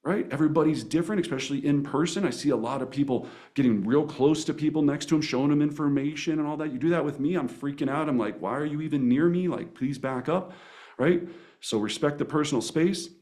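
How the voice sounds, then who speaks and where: A man teaching real estate agents negotiation in a seminar, energetic and animated, often restarting words and tagging "right?" onto his points. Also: a little high, quick pace. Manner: energetic, animated, with playful voice impressions. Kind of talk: coaching seminar presentation.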